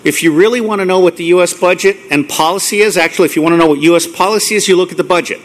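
A middle-aged man giving a live lecture to an audience, blunt and profane, ranting excitedly. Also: high-pitched, very fast. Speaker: conference speaker.

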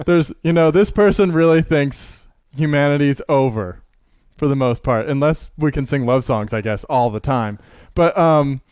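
Animated storytelling man, dry close sound. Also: fairly high pitch, measured pace, no echo. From Seattle area, US. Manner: animated storyteller, laughs often, acts out quotes. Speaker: teacher and maker, interview guest. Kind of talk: casual conversational interview.

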